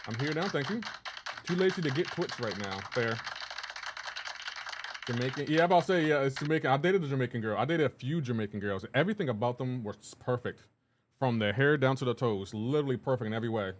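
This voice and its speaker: A man's voice: medium pitch, expressive, quick pace, a little hiss or hum. A man streaming live, chatting casually, greeting viewers by name, laughing often. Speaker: streamer reading chat.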